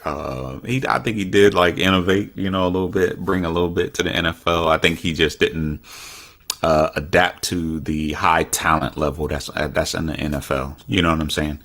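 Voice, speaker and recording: Deep deep voiced guy rambling about football, lots of "you know". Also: steady tone, normal speed, a bit bright. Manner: rambling, many fillers and restarts. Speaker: podcast co-host. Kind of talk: casual sports chat.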